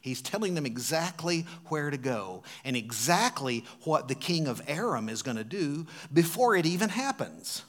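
A man preaching a sermon as a pastor, retelling a scripture story expressively, swinging from loud emphasis to hushed tones. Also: a little high, very animated, moderate pace, few pauses.

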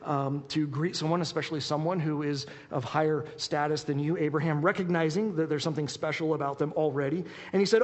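A male pastor preaching a sermon and reading scripture, talking quickly and animatedly, with frequent restarts. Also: fairly high pitch. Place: warm church hall. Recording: reverberant hall.

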